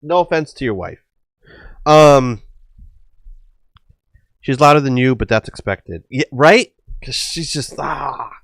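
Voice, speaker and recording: With a mid-range voice, this American livestream host talks slowly and expressively, pausing often as he rambles through casual stream chat full of fillers and swearing. The recording is dry and of studio quality.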